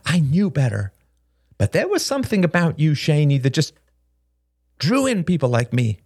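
A man reading an audiobook, voicing a jittery, brash young woman who rambles fast and sardonically. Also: fairly high pitch, wildly swooping pitch, darkish tone, slightly rough, no echo, studio quality, exaggerated voice. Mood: pleading. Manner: rapid, restless, sardonic rambling.

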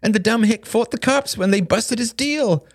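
A man reading an audiobook, voicing a jittery, brash young woman who rambles fast and sardonically. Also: sits high, no room sound, studio quality, pitched above the performer's own voice. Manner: rapid, restless, sardonic rambling.

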